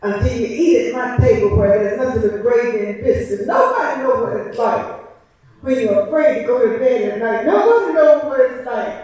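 High-voiced woman preaching in echo. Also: moderate pace, a little mellow. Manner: preaching cadence with emphatic repetition. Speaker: licensed preacher giving a testimony. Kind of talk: impassioned church testimony. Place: church. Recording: echoey church from a distance.

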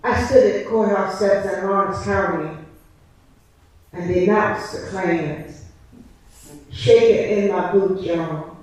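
A licensed preacher gives an impassioned church testimony, using a preaching cadence and emphatic repetition. Her medium-pitched voice is slow and somewhat dark, with frequent pauses, recorded from a distance in an echoey church.

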